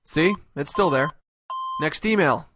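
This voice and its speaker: Pitched on the high side and close to an everyday voice, this man speaks at a measured pace over background noise. He performs a short-tempered, foul-mouthed cartoon host who scornfully ridicules everyone, in comedic web cartoon voice acting.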